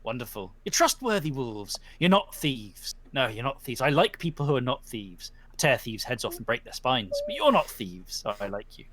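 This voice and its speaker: A man's voice: mid-range voice, wildly swooping pitch, normal speed, hardly any pauses, fairly bright tone, slight background noise. A man voicing a ten-foot three-headed horse spirit that talks in a blunt, folksy way with sudden threats. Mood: approving.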